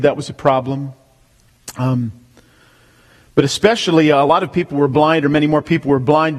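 A man preaching a sermon as pastor, emphatic, swelling to near-shouts on key words. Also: medium pitch, big-room sound.

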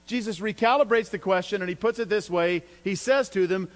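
A fairly high-voiced male pastor delivers an emphatic sermon, lifting his pitch and volume to press his points. The sound rings with a long hall reverb, and a faint mains hum runs underneath. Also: fairly quick.

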